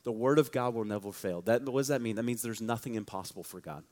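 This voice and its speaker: A man preaching to a young church audience in a joking, energetic storytelling way. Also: fairly low pitch, fast talker. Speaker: youth pastor. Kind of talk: sermon. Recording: long reverb of a large hall.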